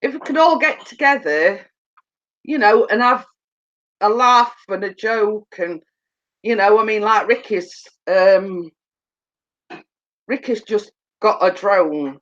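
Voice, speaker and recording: A woman's voice: mid-range voice, measured pace, fairly bright tone. A woman chatting casually with viewers on a live stream, telling funny stories and laughing often. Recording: dull lo-fi sound.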